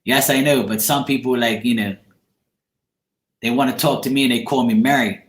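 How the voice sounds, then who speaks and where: A man's voice: medium pitch, steady tone, moderate pace. Chatty man talking to his live chat. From Bermuda. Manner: rambling, chatty, answers chat comments by name. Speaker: tarot reader on a live stream. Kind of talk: casual chat with live viewers. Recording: echoey room.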